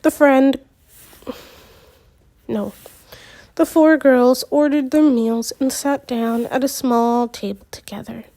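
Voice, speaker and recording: A woman reading a novel aloud as narrator, unhurried, with small slips and asides. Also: sits high, fairly even intonation, dark tone.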